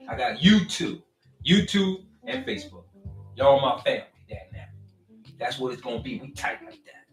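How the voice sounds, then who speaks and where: A man giving a casual, preachy motivational talk to his online followers. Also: medium pitch. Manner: preachy and animated, with call-and-response asides. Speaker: vlogger talking to his followers. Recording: roomy and distant, faint music behind.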